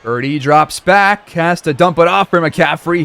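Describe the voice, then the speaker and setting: A man giving play-by-play commentary over a football video game, reacting loudly to big plays. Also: fairly high pitch, a little slow, no echo. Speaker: gaming commentator.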